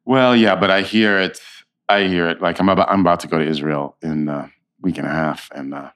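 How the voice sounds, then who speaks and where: A man with a very low, deep voice, speaking as an interview guest. He tells anecdotes in an animated, conversational way, often restarting his sentences and breaking into laughter. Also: brisk.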